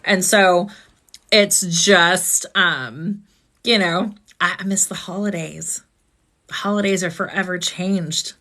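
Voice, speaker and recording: Earnest woman host with a lowish voice. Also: slow, pushed and bright. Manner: earnest, conversational, asks reflective questions. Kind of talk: live-stream talk.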